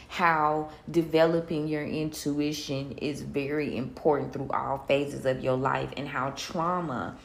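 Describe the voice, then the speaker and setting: Low, gravelly Southern woman chatting. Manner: laid-back, chatty, laughs often, drawls. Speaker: podcast host. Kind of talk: casual solo podcast chat. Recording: roomy echo, faint room noise.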